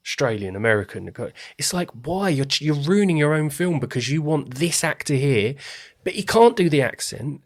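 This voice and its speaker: A man co-hosting a casual film review podcast, animated and exasperated, firing off rhetorical questions. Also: medium pitch. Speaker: podcast co-host.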